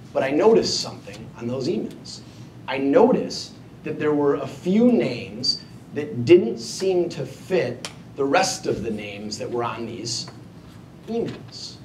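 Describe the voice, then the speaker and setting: A man giving a motivational storytelling speech to an audience, animated and self-mocking as he acts out his own past thoughts. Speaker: keynote speaker. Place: event hall before an audience. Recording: echoey hall, distant mic, faint rumble.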